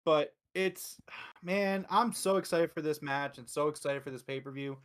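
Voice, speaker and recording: A man from Philadelphia hosting a casual wrestling review show, talking excitedly and emphatically with frequent swearing. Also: on the high side, normal speed. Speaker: host.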